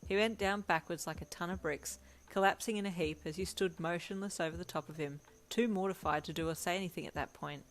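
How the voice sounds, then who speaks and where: Woman, lowish voice, story narration, second person, steady read-aloud. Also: a little fast, few pauses. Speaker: fanfiction reader.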